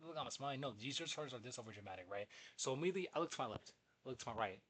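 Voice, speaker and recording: A young man telling a story in a casual, animated, profane way, jumping between asides. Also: mid-range voice, racing, a little hiss or hum. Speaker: vlogger.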